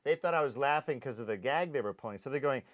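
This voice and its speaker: A man, an actor, recalling a film shoot in animated anecdotes, acting out the sounds and voices of the people he describes. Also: mid-range voice, quick pace. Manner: lively storyteller who acts out sounds and voices.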